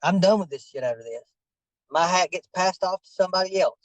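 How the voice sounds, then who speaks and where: A man's voice: high-pitched, animated, a little fast, no echo, poor audio. A man in a heated confrontation, insistent and preachy, repeating his questions over and over.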